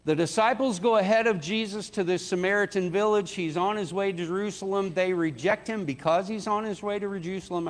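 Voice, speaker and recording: Speaking in a church sanctuary, a man delivers a sermon in a conversational manner and performs each quote with his pitch rising. The room's reverb fills the recording.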